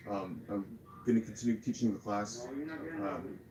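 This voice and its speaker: A man's voice: on the low side, fairly even intonation, normal speed, mellow, slight background noise. A frustrated man livestreaming, rambling and repeating his apologies in a flustered way. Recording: roomy echo.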